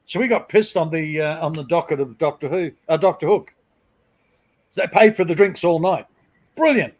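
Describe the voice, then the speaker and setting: A man's voice: a little high, expressive, fairly quick, darkish tone. A middle-aged man with an Australian accent, telling long rambling stories at home and swearing freely on a live stream. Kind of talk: casual storytelling.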